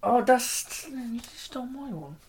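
A man co-hosting a casual chat show, joking quickly, laughing, and reading out a news story. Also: very high-pitched, lively intonation, a little hiss or hum. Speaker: podcast co-host.

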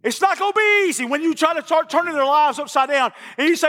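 Guy preaching hard in a church, really high bright voice, big long echo from the hall. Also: expressive, quick pace. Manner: impassioned, repeats phrases for emphasis. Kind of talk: sermon. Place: church sanctuary.

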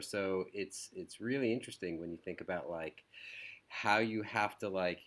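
Low-voiced musing male co-host. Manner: musing, hesitant with many fillers. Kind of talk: conversational podcast interview.

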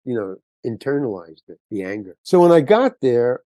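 A man's voice: mid-range voice, moderate pace, no echo. An older man, a guest actor on an interview show, telling a long anecdote and acting out the voices of the people in it. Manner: animated storyteller acting out quotes.

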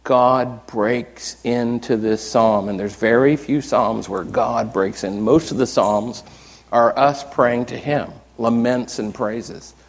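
A man's voice: mid-range voice, slow pace, gravelly. Conversational older male pastor preaching. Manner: conversational, animated storytelling with acted quotes. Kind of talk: sermon.

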